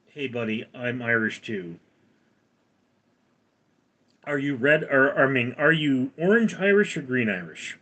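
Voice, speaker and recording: Slow, rambling man in his forties. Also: medium pitch, lively intonation, bright, forceful tone. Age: 40s. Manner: rambling, reads viewer comments aloud and answers them. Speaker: livestream host. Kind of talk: live stream chat reading.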